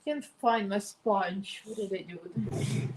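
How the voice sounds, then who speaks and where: A woman's voice: medium pitch, a little slow, a little mellow, slight background noise, low-quality recording. A woman hosting a casual makeup livestream, chatty and laughing often as she talks to her viewers. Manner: chatty, laughs often, coos baby talk to her pet. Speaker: beauty livestream host.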